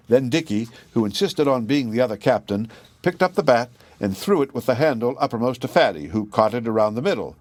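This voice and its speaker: A man narrating a children's storybook in a gentle, expressive way. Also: mid-range voice, a little fast, dry recording. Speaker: audiobook reader.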